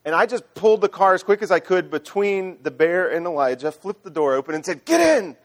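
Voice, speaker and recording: A man's voice: sits high, fairly quick. Chatty male pastor telling stories. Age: adult father. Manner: chatty, conversational with fillers and restarts. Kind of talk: sermon with storytelling.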